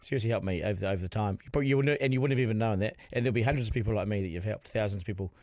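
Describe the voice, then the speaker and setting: A man's voice: on the low side, rapid-fire, darkish tone. A man with a New Zealand accent hosting a casual interview podcast, chatty, laughing often and tagging his sentences with "eh?". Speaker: podcast host.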